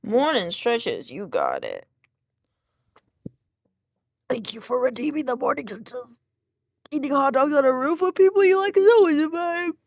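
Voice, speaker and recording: A woman's voice: sits high, wildly swooping pitch, unhurried, long pauses, darkish tone, dry recording. A young woman streamer chatting casually with her live chat in a sleepy, laid-back way, counting out exercise reps as she goes.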